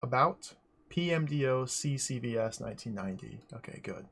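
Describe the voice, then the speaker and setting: A man streaming a game live, talking through it aloud in an excitable, joking way. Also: mid-range voice, moderate pace, gravelly, breathy edge. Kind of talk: casual live gameplay commentary.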